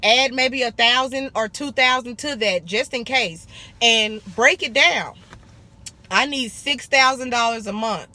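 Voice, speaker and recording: A woman's voice: on the high side, unhurried, bright, forceful tone. A young woman from Arkansas, giving blunt, sassy business advice in a casual vlog and calling viewers honey and baby. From Arkansas, USA. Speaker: esthetician vlogger.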